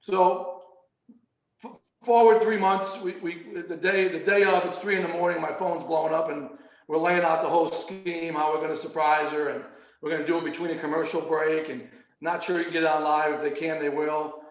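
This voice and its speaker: A man casually telling a personal story on a video call, animated and repeating words as he goes. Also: on the high side, normal speed. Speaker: meeting participant. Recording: roomy, muffled video call audio.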